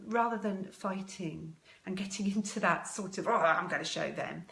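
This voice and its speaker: A woman giving parents advice in a live video talk, calm, slow and measured, pausing with many ums as she guides a breathing exercise. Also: medium pitch. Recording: echoey room.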